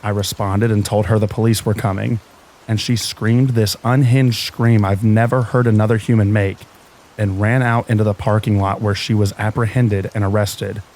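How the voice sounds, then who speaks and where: Male narrator, lower voice, calm and even, scary bedtime stories, soft rain hiss underneath. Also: moderate pace.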